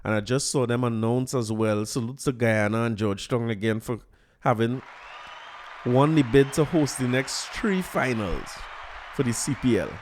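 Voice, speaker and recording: A man's voice: medium pitch, moderate pace. Trinidadian male podcast host in his forties, mid-range voice, loose chatty storyteller who laughs easily. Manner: chatty, anecdotal, laughs often, dialect turns of phrase. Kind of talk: casual solo podcast talk.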